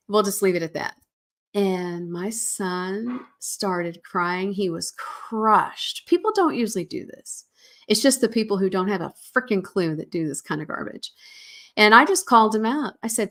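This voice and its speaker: Emotional woman podcast host telling a story. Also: medium pitch. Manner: emotional, earnest, laughing through hard moments; animated, shifts into soothing parent voice when quoting herself. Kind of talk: personal storytelling monologue.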